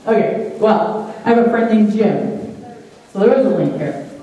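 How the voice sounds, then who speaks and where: Lively, playful woman presenter with a mellow tone, recorded from far off in an echoey room. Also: medium pitch, moderate pace, long pauses. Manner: playful, animated storytelling. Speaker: chamber of commerce speaker. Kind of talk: presentation to an audience.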